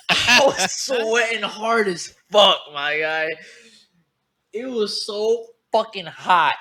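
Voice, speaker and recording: Young male co-host, bright and slightly high, loose and profane storyteller. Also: extremely slow. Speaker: podcast co-host. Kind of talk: casual chat.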